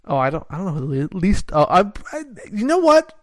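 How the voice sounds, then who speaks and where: Rambling casually on a podcast he co-hosts, a Canadian man keeps cutting himself off, restarting and dropping "like" everywhere. His high voice swings widely in pitch, he talks fast, and the recording is dry.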